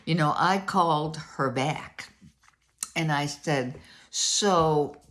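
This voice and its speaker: An older woman telling a story in a casual, animated way, acting out both sides of a conversation. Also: low-pitched, extremely slow. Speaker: vlogger.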